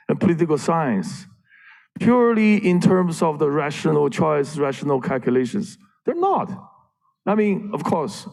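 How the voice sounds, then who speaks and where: A man giving an academic panel talk, lively and emphatic, with fillers and restarts. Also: fairly high pitch. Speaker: panel speaker.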